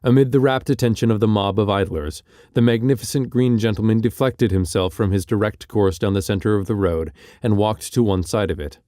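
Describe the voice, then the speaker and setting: A man narrating an audiobook in a measured, expressive literary reading style. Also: fairly low pitch, no echo.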